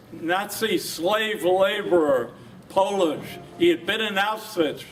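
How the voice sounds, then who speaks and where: An older man, a veteran from New Jersey, telling his war story at a reunion and acting out the voices he quotes. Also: sits high. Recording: distant mic with background noise.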